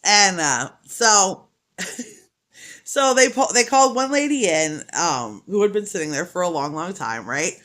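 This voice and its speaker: A woman's voice: fairly low pitch, expressive, a little slow, fairly bright tone. A middle-aged woman vlogging while she crochets, telling a long story in a rambling, chatty way and laughing often. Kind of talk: casual storytelling chat.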